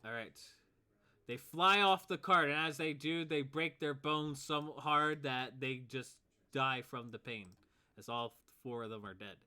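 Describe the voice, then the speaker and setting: A man runs a tabletop game as its game master, his voice very bright and forceful. He is laid-back, chuckles easily and counts out movement step by step. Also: medium pitch, fairly even intonation, a little slow.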